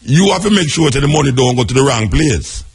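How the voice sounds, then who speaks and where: A man's voice: medium pitch, animated, breathy edge. A man with a Jamaican accent hosting a call-in radio talk show, talking callers round in a preachy, reassuring way. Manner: preachy, reassuring, drawn-out emphasis.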